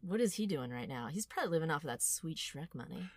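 A woman co-hosts a relaxed podcast with wry jokes, her pitch bouncing up and down a lot as she talks. The sound is dry and close to the mic, with no room sound. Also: quick pace, dry recording. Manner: wry, joking, animated. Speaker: podcast co-host. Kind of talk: casual chat.

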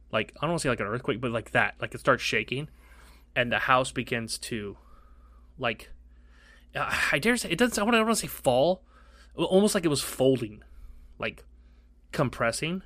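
Animated, profane man telling a story. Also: dry recording. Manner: animated, profane, does squeaky quoted voices. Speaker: podcast co-host. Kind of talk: casual storytelling chat.

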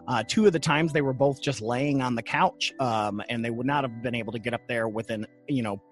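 A man hosting a paranormal podcast in casual chat, animated and laughing often. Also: medium pitch, fairly quick, soft background music. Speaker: podcast host.

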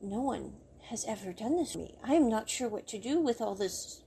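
A woman reading the lines of a kind, fussy older male shopkeeper, halting and repeating himself gently. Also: sits high, lively intonation, creaky, a little hiss or hum. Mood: bewildered.

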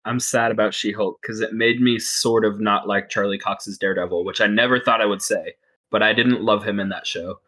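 A man's voice: lowish voice, fairly even intonation, fairly quick, sharp tone. A man co-hosting a podcast in casual chat, agreeable and mostly giving short replies.

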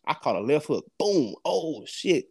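With a gravelly, slightly rough voice on the high side, a young podcast co-host tells a story at a measured pace. There's no room sound in the studio-quality audio, and his casual chat is animated and profane, full of swearing and frequent laughter.

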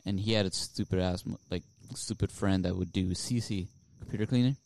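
A man's voice: low-pitched, a little fast, noisy background. A young man co-hosting a podcast, telling rambling anecdotes with fillers in casual chat. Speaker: podcast co-host.

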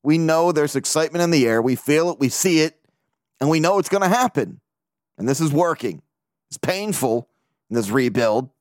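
A man hosts his own podcast alone, talking in a loose, rambling way with jokes and casual swearing. His voice sits on the higher side for a man. The recording is close and completely dry, with no room sound. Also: animated, moderate pace, no echo. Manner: rambling, joking, swears freely. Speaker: podcast host. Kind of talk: casual solo podcast chat.

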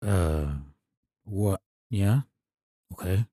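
A man playing a sheepish, hard-drinking male country singer who mumbles and hesitates in a soft, low drawl during an improvised comedy scene. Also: drawn-out words, no echo, studio quality, full character voice.

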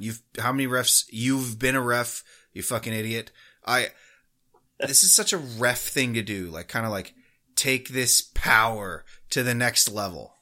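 A man's voice: mid-range voice, sharp tone. A man co-hosting a sports podcast, ranting heatedly with constant swearing. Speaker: podcast co-host. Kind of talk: casual podcast rant.

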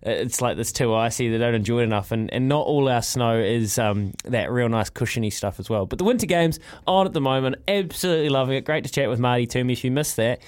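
A man's voice: mid-range voice, lively intonation, fast talker, hardly any pauses. Male NZ breakfast host, casual and rambling, keen, plenty of false starts. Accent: New Zealand. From New Zealand. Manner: rambling, enthusiastic, many restarts. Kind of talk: casual radio chat.

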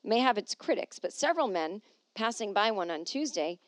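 A woman's voice: mid-range voice, expressive, moderate pace, dry recording. A woman hosting a comedic solo podcast, reading news aloud and riffing on it sarcastically, swearing freely. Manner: sarcastic, swears freely, slips into silly put-on voices.

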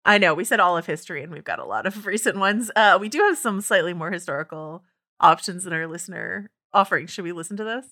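Bright-voiced woman podcast co-host. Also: fairly low pitch, quick pace. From Northern California. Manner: laughs often, animated. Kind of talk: casual chat.

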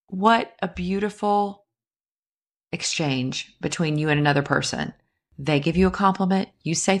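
A woman, probably in her thirties, speaks in a low, gravelly voice at a measured pace. She reflects candidly on a personal experience, poking fun at herself and laughing now and then.

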